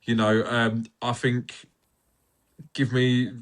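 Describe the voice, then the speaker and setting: A man's voice: mid-range voice, level tone, slow pace. A man hosting a casual podcast, asking questions and encouraging his guest. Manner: encouraging, affirming interjections. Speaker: podcast host.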